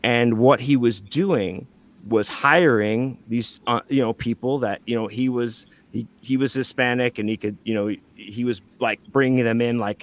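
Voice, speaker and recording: A man's voice: mid-range voice, moderate pace. A man telling a long anecdote on a podcast in casual, rambling talk, full of fillers and swearing. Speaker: podcast guest.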